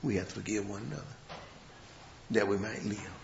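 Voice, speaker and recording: Male preacher, folksy sermon, hushed lows and shouted peaks, echoey church room, dull lo-fi audio. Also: brisk, creaky, slight background noise.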